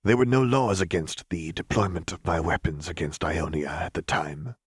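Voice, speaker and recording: Male narrator doing a raspy, menacing mad chemist: sly and unhurried, a voice pitched above his own narration, audiobook. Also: no echo, studio quality. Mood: sly menace. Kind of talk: audiobook character voice.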